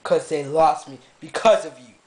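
A teenage boy venting to camera in his bedroom, upset and swearing, shifting from quiet muttering to angry ranting. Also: fairly high pitch, normal speed, roomy sound. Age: teens. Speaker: vlogger.

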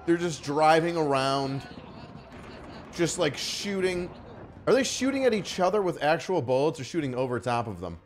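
A man's voice: fairly high pitch, lively intonation, normal speed, faint music behind. A man giving profane, mocking live-stream commentary on a news video, often bursting into laughter.

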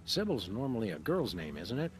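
An actor playing a dry, deadpan, formal-talking canine detective in a cartoonish video game. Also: male voice, lowish voice, fairly quick, faint music behind.

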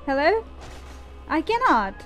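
A woman's voice: high-pitched, very animated, slow, a bit bright, dull audio, faint music behind. A woman giving casual live commentary on her own gameplay, chatty, laughing often and talking back to the enemy. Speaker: gaming video host.

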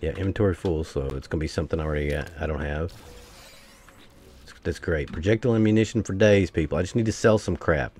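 A man's voice: sits low, fast, a little mellow. A man giving casual gameplay commentary, swearing freely and grumbling to his viewers as he plays. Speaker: gameplay streamer.

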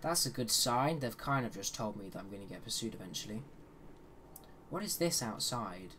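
A man's voice: lowish voice, lively intonation, moderate pace, pushed and bright, a little hiss or hum. A man giving casual, chatty commentary on a horror game while he plays, with joking asides. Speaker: let's play host.

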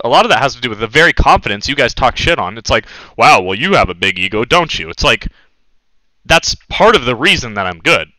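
Fast, fired-up ranting gamer guy. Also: mid-range voice, bright, forceful tone, no echo, poor audio. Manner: heated, profane, insistent. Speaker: competitive gaming content creator. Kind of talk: angry ranting monologue.

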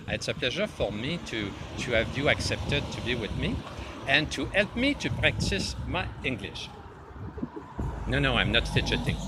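A man with a French accent and French as his first language, doing a playful comic act with an imaginary guest, halting and full of restarts. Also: mid-range voice, very noisy. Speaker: comedian.

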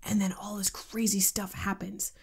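A woman co-hosting a casual book podcast, chatty and quick to laugh, often dropping into breathy asides. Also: medium pitch, little pitch movement. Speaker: podcast co-host.

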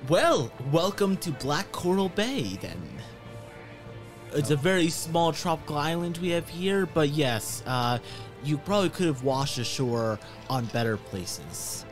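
A man voicing a welcoming, sly middle-aged woman who keeps a tavern, with a smooth, hospitable sales patter and faint music behind. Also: fairly high pitch, big pitch swings, a little slow.

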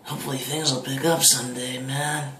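A man's voice: medium pitch, flat delivery, brisk, bright, forceful tone, a little hiss or hum, lightly acted. A man doing an impression of a laid-back stoner man who drawls and tacks "man" onto almost every phrase, in an echoey room. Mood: mumbling.

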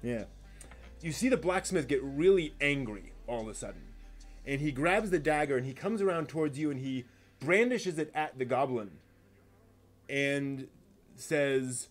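A man narrating a tabletop game during a live stream while he paints miniatures, rambling with many pauses and restarts. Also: medium pitch, animated, soft background music.

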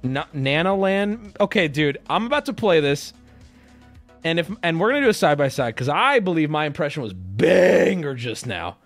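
A man's voice: a little high, moderate pace, soft background music. A man chatting casually and rambling on a live stream, swearing often. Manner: rambling, profane, animated.

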